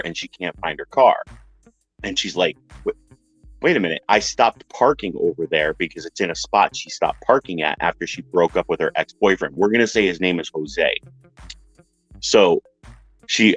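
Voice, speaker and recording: A man's voice: sits low, dry recording, rough recording. A man casually retelling a strange story on a podcast panel, acting out the voices of the people in it. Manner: animated retelling, acts out quoted voices.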